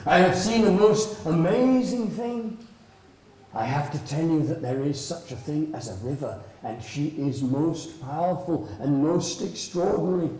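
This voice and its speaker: A man's voice: a little slow, distant mic, lightly acted. A man voicing an eager, wide-eyed young male mouse in a live told story, talking breathlessly in a raised voice. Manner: breathless, excitable, high-pitched. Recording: roomy live hall.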